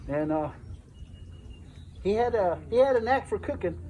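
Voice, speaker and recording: A man's voice: high voice, expressive, normal speed, a little mellow, a little hiss or hum, poor audio. A middle-aged man giving a eulogy for his father, telling stories and acting out the dialogue. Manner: anecdotal, acts out dialogue in quotes. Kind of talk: storytelling eulogy. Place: memorial service.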